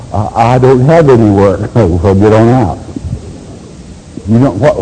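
Blunt preacher in a reverberant hall. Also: male voice, medium pitch, mellow, husky. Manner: blunt, preachy, mimics whiny listeners. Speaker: pastor. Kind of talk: sermon.

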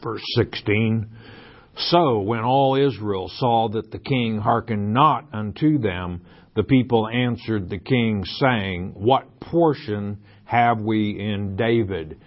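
A man's voice: lowish voice, slow, dull audio. A man teaching the Bible verse by verse, reading scripture aloud and then explaining it in plain talk with fillers.

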